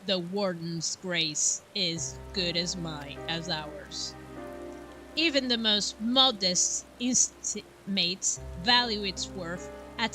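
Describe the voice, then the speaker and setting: A woman's voice: medium pitch, lightly acted, low-quality recording. A woman voicing a stern, protective older sister, scolding and earnest, over game music.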